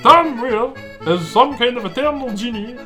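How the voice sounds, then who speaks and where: A man's voice: extremely high pitch, lively intonation, normal speed, music in the background, pitched above the performer's own voice. A man putting on an old man voice, playing a rambling reporter wandering a wasteland. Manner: rambling, chuckling.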